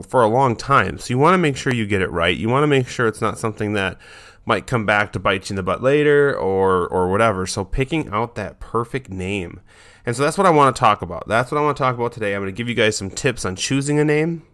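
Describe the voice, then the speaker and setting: A man's voice: mid-range voice, a bit bright. A man hosting a dog training podcast, talking in a loose, chatty monologue with many fillers and restarts.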